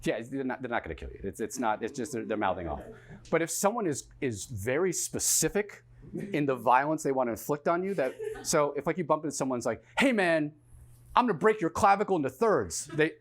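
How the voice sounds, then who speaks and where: Animated New comedian telling a story. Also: male voice, mid-range voice, fairly quick. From New York. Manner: animated, stumbling over words in excitement. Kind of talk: one-man comedy storytelling. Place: theatre stage.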